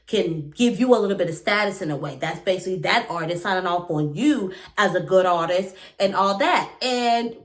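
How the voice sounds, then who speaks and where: A woman's voice: on the low side, moderate pace, hardly any pauses. Chatty woman recapping reality TV. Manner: animated, chatty, lots of fillers and asides. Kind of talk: casual reaction recap.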